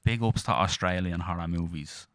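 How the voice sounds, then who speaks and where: A man's voice: sits low, normal speed, a bit bright, no echo, clean studio sound. A man co-hosting a podcast, chatting casually with crude jokes and lots of swearing. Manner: crude, jokey banter with heavy swearing. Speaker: podcast co-host. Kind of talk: casual chat.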